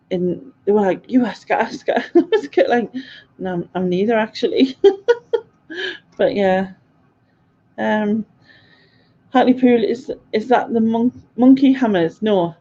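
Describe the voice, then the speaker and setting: A Sunderland woman with a northeast English accent chats on a live stream, rambling loosely between topics and laughing often. Her voice sits low, with a gravelly fry and a dark, mellow tone. The stream audio sounds dull and lo-fi. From Sunderland, northeast England. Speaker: live-stream host reading chat. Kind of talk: casual live chat.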